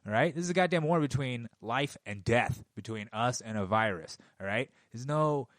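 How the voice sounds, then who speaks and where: A middle-aged man in his forties ranting into a microphone, heated and profane. His pitch sits in an ordinary middle range. The sound is dry and close, with no room echo. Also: expressive, moderate pace, fairly bright tone. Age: 40s. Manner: profane, heated, swears constantly. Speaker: podcast host. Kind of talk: casual rant. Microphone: studio microphone.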